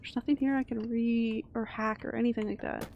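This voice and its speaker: A young woman from Canada chatting and reacting loudly while streaming a game. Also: on the high side, fairly even intonation, a little fast, lo-fi sound, slight background noise. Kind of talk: live game stream commentary.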